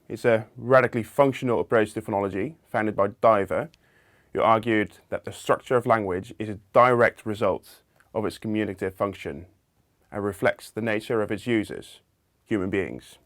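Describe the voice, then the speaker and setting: A man with a fairly low voice walks through a linguistics lesson in a measured, explanatory way, pausing here and there with small fillers. The sound is dry and close, with no room around it. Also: no room sound. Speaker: linguistics lecturer. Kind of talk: explanatory video lecture.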